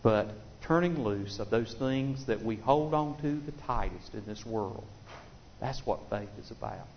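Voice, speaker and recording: A man's voice: medium pitch, animated, measured pace, slight background noise. A man preaching a sermon in a conversational, folksy way, often repeating himself as he restarts phrases. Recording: dull lo-fi recording.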